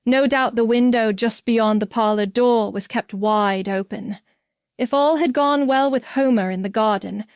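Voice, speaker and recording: A woman reading a mystery story aloud in a clear, measured narration. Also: medium pitch, darkish tone, no echo, clean studio sound. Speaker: audiobook reader.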